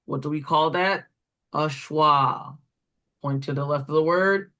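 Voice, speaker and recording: A woman's voice: sits low, normal speed, vocal fry, a bit bright. Woman explaining reading steps. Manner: explains step by step with fillers, pointing at examples. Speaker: reading tutor trainer. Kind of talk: instructional walkthrough.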